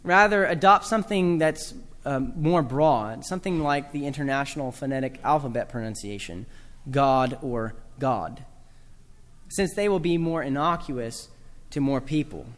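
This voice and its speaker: A man's voice: fairly high pitch, expressive, moderate pace, big-room sound. A man from the American South giving a talk to a live audience about teaching children proper speech, with dry humor and spoken examples.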